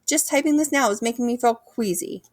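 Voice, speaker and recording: A woman reading a children's book aloud with lively, animated storytelling. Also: a little high, fairly quick, dry recording. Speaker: reader.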